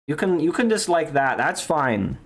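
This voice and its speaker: A man's voice: on the high side, sing-song, moderate pace, breathy edge. A young man streaming while he draws, rambling in goofy casual chat, full of restarts and jokes. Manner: goofy, jokey, repeats and restarts, says dude a lot.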